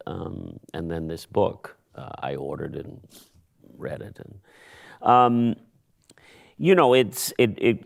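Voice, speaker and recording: A man with a lowish voice and a gravelly edge, talking casually in an interview. He is wry and chatty, laughs between his thoughts, and keeps backing up and restarting his sentences as he thinks out loud. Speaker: stage actor, interview guest.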